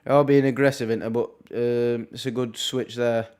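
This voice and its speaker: Young man, casual live football watchalong, chatty, wry asides, mid-pitched voice. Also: fairly even intonation, moderate pace, a little mellow, smooth. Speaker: watchalong streamer.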